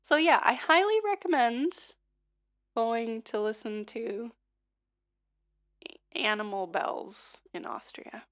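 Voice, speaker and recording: Slow-talking hoarse woman singer. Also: a little high, fairly bright tone. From United States. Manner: rambling, with many fillers and light laughs. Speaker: singer and livestreamer. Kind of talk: casual livestream chat and vocal warm-up.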